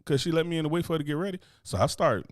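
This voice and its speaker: A man's voice: a little high, rapid-fire, no echo, studio quality. A man hosting a podcast, telling stories in casual, profane slang and joking and swearing all the way through. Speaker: podcast host.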